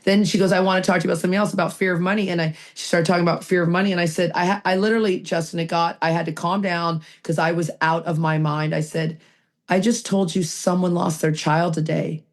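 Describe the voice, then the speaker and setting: This recovery podcast co-host has a lowish voice with little pitch movement, talking fast with few pauses. She speaks emphatically and answers her own rhetorical questions, captured through a video call mic.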